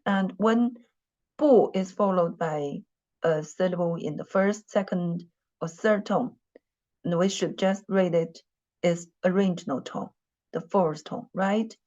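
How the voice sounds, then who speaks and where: A woman's voice: lowish voice, takes it slowly, a little mellow. A woman teaching a Mandarin class in English, repeating phrases and using many fillers. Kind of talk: classroom lesson. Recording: dull lo-fi sound.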